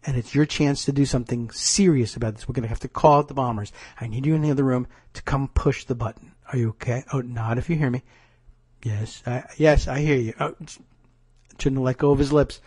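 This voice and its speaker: A man voicing a calm male presidential aide who murmurs instructions in a low, patient, coaxing way. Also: a little fast, breathy edge, no room sound, lightly acted. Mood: hushed coaxing.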